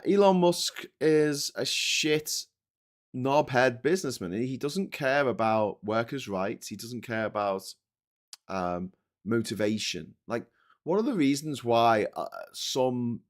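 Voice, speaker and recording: A middle-aged man from England hosting a live stream, chatting casually, reading out viewer comments, swearing and restarting his sentences. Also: mid-range voice. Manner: rambling, swears, frequent restarts.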